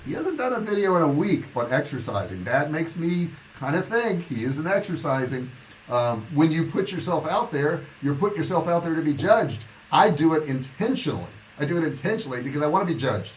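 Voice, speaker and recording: A man's voice: on the high side, very animated, a little fast, slight background noise, low-quality recording. Older male coach in his sixties, plainspoken and motivational, chatting live and answering viewer questions. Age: 60s. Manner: blunt, motivational, reads viewer comments aloud. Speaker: online business coach. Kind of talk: casual livestream chat.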